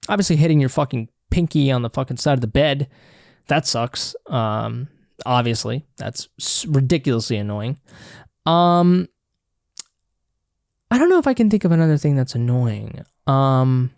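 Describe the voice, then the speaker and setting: Gravelly-voiced man rambling on a podcast. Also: medium pitch, expressive, unhurried, long pauses, darkish tone, dry recording, clean studio sound. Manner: rambling, profane, self-correcting. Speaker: podcast host. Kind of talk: casual solo podcast monologue.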